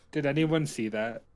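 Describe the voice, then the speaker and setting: A man's voice: fairly high pitch, clean tone. A man playing in a tabletop game, casual and joking. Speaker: player.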